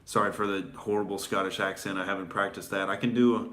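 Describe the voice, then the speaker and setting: A man's voice: sits low, fairly even intonation, quick pace, hardly any pauses, a bit bright. A male comedian hosting a casual commentary show, rambling with fillers and restarts in a sarcastic tone. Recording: echoey room.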